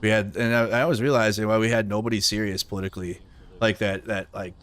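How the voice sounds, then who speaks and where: A man's voice: fairly low pitch, steady tone, fast, fairly bright tone. A man hosting a live news commentary stream, talking bluntly and with profanity. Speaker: livestream news host.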